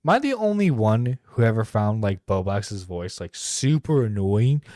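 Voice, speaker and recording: A man's voice: on the low side, very animated, normal speed, few pauses, dark tone, no echo. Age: adult. Sex: man. Role: internet radio host. Style: casual live-stream commentary, profane and rambling, dry close mic.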